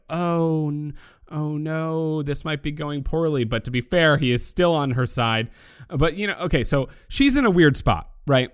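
A man's voice: medium pitch, smooth, no echo, studio quality. A man co-hosting a casual podcast, joking and acting out characters' lines. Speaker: podcast co-host.

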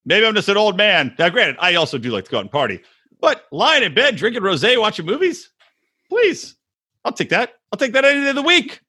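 A man co-hosting a casual comedy podcast, swearing a lot and acting out quotes in an animated way. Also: sits high, fairly quick, slightly rough. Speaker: podcast co-host. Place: recording room, west coast.

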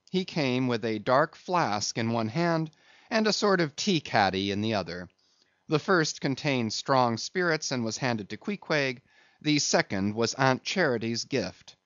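A man narrating an audiobook with a lively, swinging delivery and dramatic emphasis. His voice sits in a middle pitch, with a dry, slightly dull recording. Nothing else is heard behind him. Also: dry recording. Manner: expressive, lively dramatic reading.

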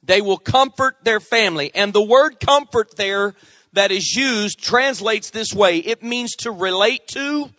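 A middle-aged pastor delivers an animated sermon, stopping now and then to call for amens from the congregation. His high voice has a bright, forceful edge, recorded close and dry.

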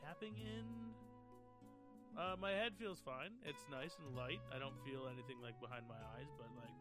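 A man co-hosting a casual podcast, giggly and relaxed as he rambles. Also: mid-range voice, normal speed, over music. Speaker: podcast co-host. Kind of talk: casual chat.

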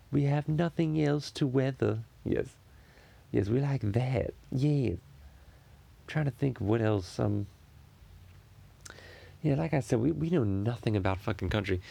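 A man in his thirties talks casually on a podcast with a heavily gravelly, fry-laden voice at a middling pitch. He rambles, swears freely and restarts his sentences often. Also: darkish tone. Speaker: podcast host.

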